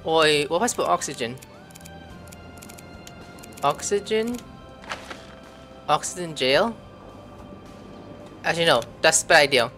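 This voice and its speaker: A man's voice: a little high, expressive, unhurried, pauses often, bright, forceful tone, faint music behind. A man giving casual let's-play commentary, thinking aloud and breaking into sudden surprised outbursts. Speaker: gameplay commentator.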